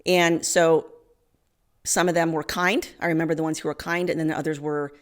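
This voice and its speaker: A woman hosting a show, telling a personal story in an earnest, candid way with soft laughs. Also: deep voice, little pitch movement, moderate pace. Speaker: show host.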